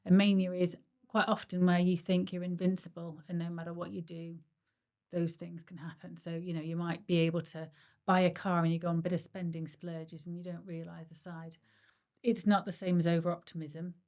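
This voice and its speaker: A woman's voice: lowish voice, level tone, a little fast, a little mellow. A woman from Stoke-on-Trent, co-hosting a casual podcast in a chatty, explanatory way with a psychology-minded angle. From Stoke-on-Trent, England. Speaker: podcast co-host. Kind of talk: casual chat.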